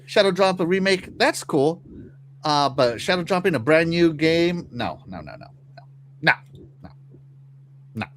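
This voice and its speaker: A man's voice: a little high, a little slow, long pauses, a little hiss or hum. A man hosting a casual gaming podcast, joking around and reading out chat comments. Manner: animated, jokey, reads out chat comments. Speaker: podcast host.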